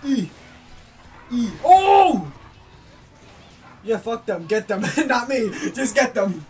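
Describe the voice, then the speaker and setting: A gaming YouTuber giving loud, excitable commentary, yelling and swearing at opponents while playing. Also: mid-range voice, a little slow, recorded from a distance.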